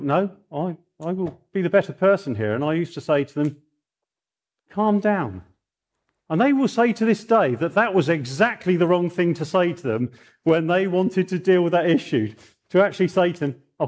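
A middle-aged man preaching a sermon, telling stories in a lively way and rising into mock outrage. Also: on the high side.

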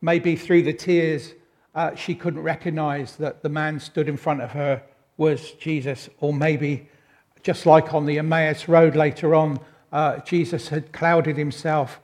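Slow-speaking male preacher. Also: fairly high pitch, level tone, darkish tone. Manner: unhurried, reflective, with wry self-deprecating asides. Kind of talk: sermon.

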